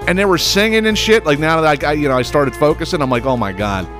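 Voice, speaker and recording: A man from the United States hosting a podcast, telling a comedic story in a profane, animated way with stammering restarts. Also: on the high side, quick pace, music in the background. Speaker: podcast host.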